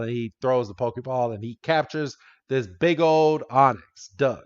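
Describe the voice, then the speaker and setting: A man's voice: medium pitch, unhurried, smooth, dull audio. A man co-hosting a podcast, recapping a cartoon episode in a rambling, casual way, with frequent swearing and laughter. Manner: rambling, swears, laughs often, quotes characters in voices. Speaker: podcast co-host.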